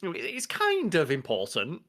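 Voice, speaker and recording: Overly polite phone-call persona, put on by a man, high and halting. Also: huge pitch swings, a bit bright, full character voice. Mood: politely hesitant. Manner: hesitant and apologetic.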